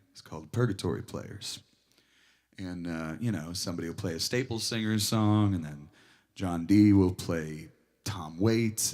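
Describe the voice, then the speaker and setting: A low-pitched man with a darkish tone keeps a small record-store crowd entertained between songs. This singer-songwriter and guitarist rambles through stories in loose stage banter, describing himself as a nervous talker.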